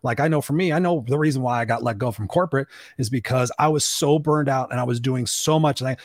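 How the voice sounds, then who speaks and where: A man hosting a podcast, asking questions in an earnest, energetic way. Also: a little high, fast, few pauses, no echo, clean studio sound. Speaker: podcast host. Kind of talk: casual podcast talk.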